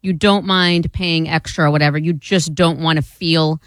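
A woman co-hosting a talk radio show, teasing her partner and talking in quick animated bursts. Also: sits low, no room sound. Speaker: radio co-host. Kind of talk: casual talk radio banter.

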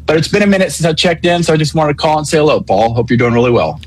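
A male caller explaining his points in a measured, polite way on a call-in radio show. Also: a little high, breathy edge, poor audio.

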